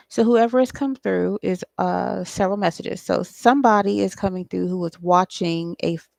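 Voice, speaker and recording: Gravelly-voiced woman reading tarot cards. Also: mid-range voice, a little slow, long pauses, a little mellow, no room sound. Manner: thinks aloud, loose and profane, with frequent ums. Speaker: tarot reader and psychic channeler. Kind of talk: casual solo tarot reading.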